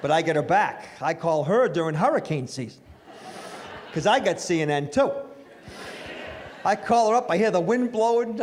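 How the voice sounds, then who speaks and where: Man, middle-aged, stand-up comedian, high voice, self-mocking, faint club noise. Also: expressive, normal speed, pauses often, a little mellow. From Italian-American family. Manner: self-mocking, conversational, works the crowd.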